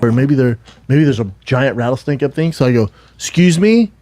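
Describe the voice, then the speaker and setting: A man's voice: mid-range voice, a little fast, dark tone. A man telling a rambling anecdote on a podcast, in a clip played back, repeating himself often.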